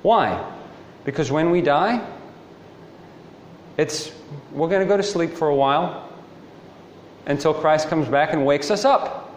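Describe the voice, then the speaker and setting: A man's voice: on the high side, unhurried, pauses often, slight background noise. A man preaching a sermon, telling stories with animation and asking the listeners rhetorical questions. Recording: echoey hall with faint ambience.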